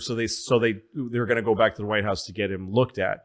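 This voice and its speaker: Animated man telling podcast stories. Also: lowish voice, fast. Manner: animated storyteller, acts out voices, swears freely. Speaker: podcast co-host. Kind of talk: casual storytelling chat.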